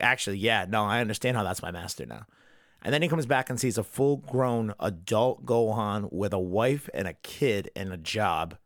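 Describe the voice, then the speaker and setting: A man's voice: mid-range voice, a bit bright, no room sound, clean studio sound. A young man hosting a podcast, giving a casual, profanity-laced, enthusiastic fan recap of a cartoon episode. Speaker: podcast host.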